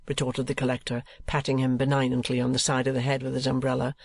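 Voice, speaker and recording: A man's voice: medium pitch, flat delivery, fast, gravelly, hardly any pauses, husky, no room sound. Man narrating an audiobook, dry close voice. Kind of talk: scripted narration.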